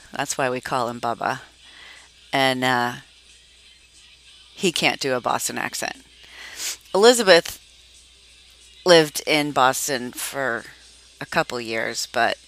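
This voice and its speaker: A woman's voice: very deep voice, a bit bright. A middle-aged woman from Massachusetts chatting casually and rambling, with frequent laughs and trailing-off sentences. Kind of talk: casual chat.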